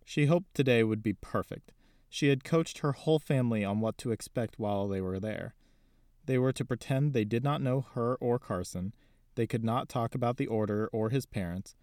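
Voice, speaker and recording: A man narrating an audiobook in an even, steady reading. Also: medium pitch, moderate pace, no echo, clean studio sound.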